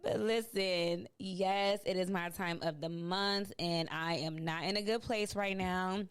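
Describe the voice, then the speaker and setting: A woman's voice: fairly low pitch, steady tone, a little slow, clear, resonant tone. A woman hosting a podcast in casual, blunt chat, swearing freely and laughing often. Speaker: podcast host.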